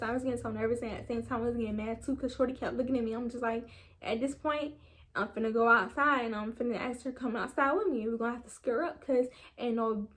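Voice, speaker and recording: Slangy young woman telling a story. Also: fairly high pitch. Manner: animated, slangy, talks straight to viewers. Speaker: vlogger. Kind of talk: storytime vlog.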